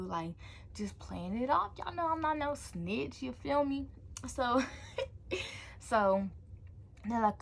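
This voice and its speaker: A woman's voice: mid-range voice, expressive, measured pace, gravelly. A young woman tells a personal story on her vlog with loose, slangy energy. She sprinkles in casual asides as she goes, and her voice sits in a middling register. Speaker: vlogger.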